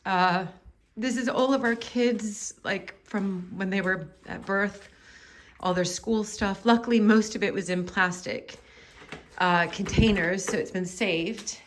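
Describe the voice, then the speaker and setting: A woman's voice: medium pitch, unhurried, slight background noise. An American woman filming a casual vlog from behind the camera in a cellar, talking in an emotional, rambling, apologetic way. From United States. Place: house cellar. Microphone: handheld camera.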